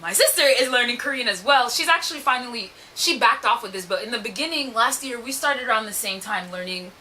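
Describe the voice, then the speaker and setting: A woman's voice: fairly high pitch, expressive, brisk, sharp tone. A young American woman co-hosting a podcast, telling stories in casual chat, laughing often and mimicking the voices of others. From United States. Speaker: podcast co-host. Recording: faint hiss.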